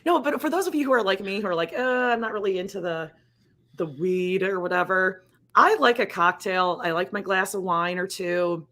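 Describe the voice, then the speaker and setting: A woman co-hosting a podcast, telling stories in a relaxed, self-deprecating way. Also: mid-range voice, moderate pace. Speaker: podcast co-host. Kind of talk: casual chat.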